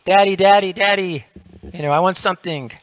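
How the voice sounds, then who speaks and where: A man's voice: high voice, a little fast, a bit bright, no echo, pitched above the performer's own voice. A man putting on a whiny little boy. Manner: whiny, demanding.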